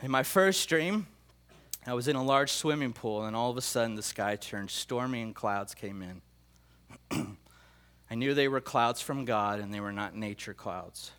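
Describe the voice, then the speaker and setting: An earnest middle-aged man preaching to his congregation, his voice sitting at an ordinary middle pitch. He tells his dreams with feeling, stopping to restart and repeat phrases as the emotion catches him. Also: measured pace, a bit bright. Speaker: pastor. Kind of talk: sermon sharing prophetic dreams.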